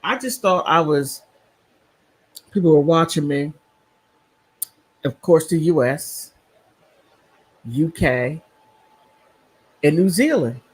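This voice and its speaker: A man hosts a live stream in a loose, rambling commentary style, answering viewers as he goes. His voice sits a bit high and has a husky, slightly breathy grain. He speaks into a computer mic from a home setup. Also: slow pace, long pauses, poor audio. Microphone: computer mic on a streaming app.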